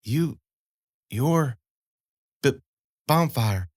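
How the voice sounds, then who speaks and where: Audiobook role: a scared, half-mute wild girl, stuttering in broken bits, played by a man lifting his pitch, dry recording. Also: animated, no echo. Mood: dazed. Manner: halting, stammering.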